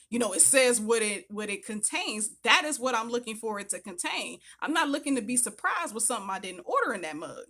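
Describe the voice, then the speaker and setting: A woman vlogger chatting casually to camera, retelling her experience in an animated, chatty way and acting out what others said. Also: medium pitch.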